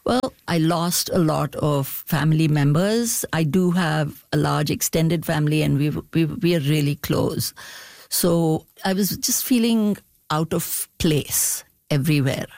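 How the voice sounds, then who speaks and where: A middle-aged woman novelist answering interview questions in a thoughtful, unhurried way, often laughing as she talks. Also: low-pitched, creaky, darkish tone, no echo, clean studio sound.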